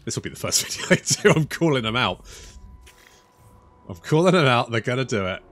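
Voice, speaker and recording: This is a fast-talking, expressive man with a medium-pitched, fairly bright voice. As a gaming YouTuber, he gives a rambling, sweary, self-deprecating let's-play of a strategy game.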